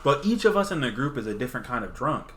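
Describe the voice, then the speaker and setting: A man's voice: mid-range voice, fast talker, slight background noise. A man in his twenties, a podcast host, chatting casually and telling stories with lots of laughter and swearing. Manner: animated storyteller, laughs often, swears freely. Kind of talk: casual chat.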